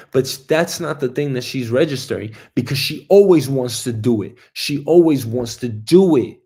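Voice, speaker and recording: A man in his thirties hosts his own show in a loose, rambling monologue. His voice sits in a middle pitch with a gravelly, fry-heavy edge. He jokes, swears, and breaks into sudden loud bursts. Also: lively intonation, moderate pace, few pauses. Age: 30s. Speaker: host. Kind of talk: casual solo monologue.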